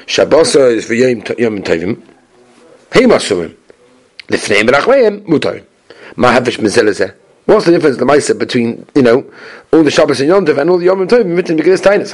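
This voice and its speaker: This animated Talmud teacher has a medium-pitched voice. Reading through the Gemara, he chants passages in Aramaic before explaining them in English, raising questions and then answering them on his own.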